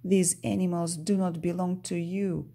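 A woman's voice: fairly low pitch, level tone, a little slow, vocal fry, mellow. A woman reading aloud, voicing a stern, protective male fairy from a storybook.

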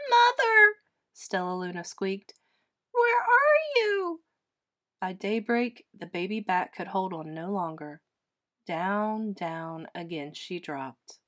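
A woman teacher reading a children's picture book aloud in a gentle, expressive storytelling manner. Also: medium pitch.

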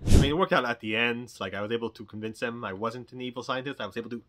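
A man's voice: medium pitch, very fast, very noisy. A man hosting his toy store vlog, telling a story in a rambling, jokey way. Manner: rambling, jokey, acts out quotes.

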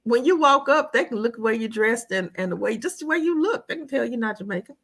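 A woman's voice: fairly high pitch, quick pace. A woman from the United States, a guest in a casual conversation, telling stories with lots of laughter. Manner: animated storyteller, laughs often.

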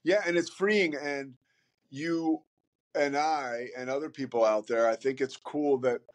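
A man's voice: medium pitch, unhurried. A man speaking as a podcast guest in casual conversation, candid and rambling, with many fillers and some swearing.

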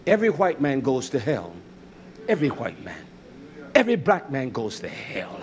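A male preacher giving a fiery sermon, swinging between loud outbursts and low muttering, repeating phrases and crying hallelujah. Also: huge pitch swings, normal speed.

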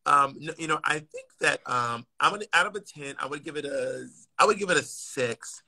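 A man's voice: on the high side, lively intonation, brisk, creaky, sharp tone. An American man hosting a live stream over a phone, chatting casually with a guest in a blunt, teasing, playful way.

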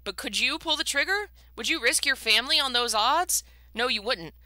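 A woman's voice: high voice, expressive, moderate pace, pushed and bright, dry recording, pitched above the performer's own voice, heavily acted. A woman reading a book aloud and voicing a desperate man who pleads urgently for his family's lives. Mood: pleading.

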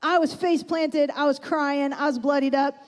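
A woman's voice: sits high, steady tone, moderate pace. A woman preaching a sermon in a church, chatty and often asking the congregation questions. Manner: conversational, asks the audience questions. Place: church sanctuary. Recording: long reverb in a church hall.

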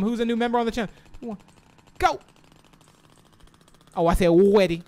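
A man hosting a live game stream, excitably commenting and reading viewers' chat aloud. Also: high voice, normal speed, pauses often. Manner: excitable, reads chat aloud, swings from shouts to mumbles. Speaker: livestream host.

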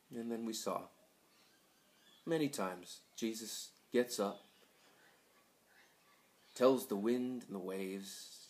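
A man who is a school pastor, giving a sermon at a graduation, swinging from loud pleading to hushed, whispered passages. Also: medium pitch, measured pace, long pauses.

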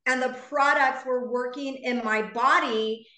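A woman's voice: sits high, fairly even intonation, a little slow, sharp tone, roomy sound. A woman in her fifties telling an earnest, heartfelt personal story to a live online audience. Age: 50s. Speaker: founder speaking to her business community.

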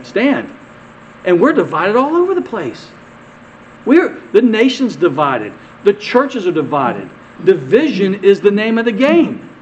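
Guy preaching w a pretty high voice, rhetorical questions, dull lo-fi recording. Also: huge pitch swings, unhurried, slight background noise. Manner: conversational, repeats words, rhetorical questions to the congregation; swings from loud emphatic peaks to quiet low asides. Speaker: pastor. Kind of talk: sermon.

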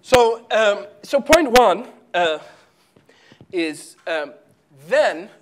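A man giving a live math lecture at a board, talking haltingly with many fillers and restarts. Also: high-pitched, very animated, noisy background. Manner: halting, full of fillers and restarts while writing. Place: lecture hall.

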